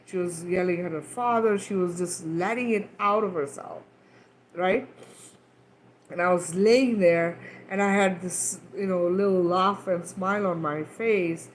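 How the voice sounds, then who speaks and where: A woman's voice: fairly low pitch, unhurried, a little hiss or hum, poor audio. A woman, a mother, talking frankly and earnestly to camera in a casual spiritual chat, often checking in with "right?" and "okay?". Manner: earnest and emphatic, swears casually. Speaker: mother of two daughters.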